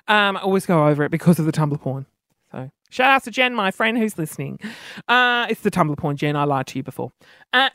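A woman's voice: mid-range voice, dry recording, studio quality. A woman with an Australian accent telling a comic story as a podcast host, chatty and self-deprecating, with a self-described whingy, whiny voice.

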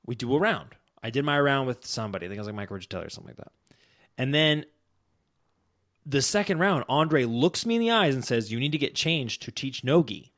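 Young man, podcast co-host, casual banter, animated storytelling, trash talk. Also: mid-range voice, a little fast.

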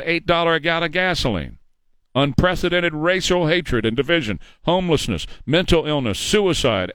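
A man's voice: fairly high pitch, fairly bright tone, clean tone, no room sound. A man hosting a talk radio show in a studio, emphatic, ranting and sarcastic.

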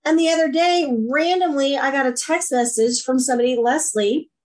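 A woman guest on a podcast interview, talking in an enthusiastic, animated storytelling way. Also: high voice, normal speed. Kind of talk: casual interview chat.

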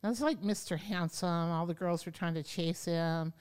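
A woman guest on a podcast, telling a personal story in a lively, conversational way and acting out her own past words. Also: on the low side, normal speed, clear, resonant tone. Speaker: yoga teacher, podcast guest. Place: podcast studio.

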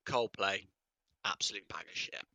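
A man's voice: low voice, normal speed, sharp tone, no room sound, studio quality. A man co-hosting a casual podcast, bantering bluntly and swearing freely. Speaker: podcast co-host. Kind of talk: casual chat.

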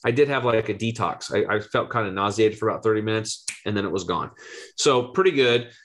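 A man in his forties, a health coach, telling an animated story in an interview and acting out the voices he quotes. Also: on the low side. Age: 40s. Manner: excitable, rapid, acts out quoted voices.

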